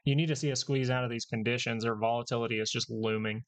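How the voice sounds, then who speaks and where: A man's voice: mid-range voice, steady tone, fast talker. A man hosting a live stock market stream, rambling through casual commentary, correcting himself and joking with his chat.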